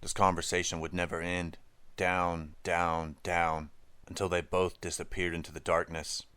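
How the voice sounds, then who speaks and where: A man narrating an audiobook in an even, measured storytelling manner. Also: low-pitched, smooth, no room sound.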